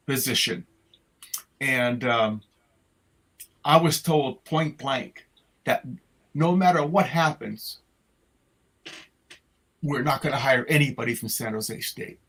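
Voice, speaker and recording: An older man with a husky, slightly breathy voice, recounting memories as an interview guest. He tells his stories haltingly, with many fillers and restarts, over a video call. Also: mid-range voice, a bit bright, poor audio. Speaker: retired music educator, guest. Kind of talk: conversational storytelling.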